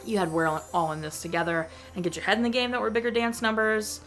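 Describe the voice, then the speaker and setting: A young woman vlogger ranting in casual chat about a movie, animated and exasperated, with lots of filler words. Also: medium pitch, fast, faint music behind.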